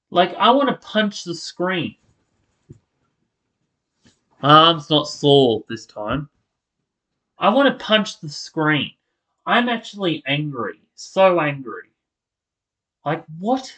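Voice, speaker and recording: Reacting to a video, a man launches into a furious rant full of swearing, blurted remarks, and words he breaks off and restarts. His voice sits on the high side and sounds sing-song with a sharp tone, moving slowly with long pauses. The audio is poor.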